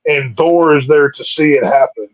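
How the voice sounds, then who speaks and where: A man chimes in on a casual movie chat, his voice slightly high for a man. The sound is dry and dull, as if from a cheap mic with no room around it. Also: normal speed, dry recording.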